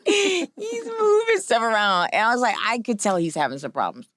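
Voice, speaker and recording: Animated woman podcast co-host storyteller. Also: a little high, normal speed. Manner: animated storyteller who acts out both sides of a dialogue; swears casually. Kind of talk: casual chat.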